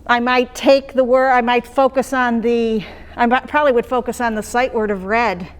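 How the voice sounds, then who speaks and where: A woman with a fairly high voice walks fellow teachers through how she teaches phonics. She talks in a loose, conversational way and checks in often with her listeners. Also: fairly even intonation, normal speed, smooth. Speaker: teacher trainer. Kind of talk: explaining classroom phonics practice.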